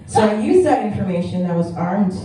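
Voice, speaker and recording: A young woman works through a stand-up set, chatty and self-mocking, with quick laughs between jokes. Her voice is mellow and dark in tone. It rings through an echoey club room, picked up from some distance. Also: medium pitch, animated. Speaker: stand-up comedian. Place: comedy club stage. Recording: echoey room, mic heard from far off.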